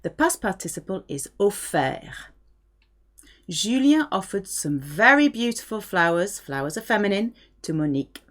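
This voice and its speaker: A middle-aged woman from France giving a language lesson, patiently explaining and modelling phrases clearly. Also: mid-range voice, big pitch swings, moderate pace. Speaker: French teacher.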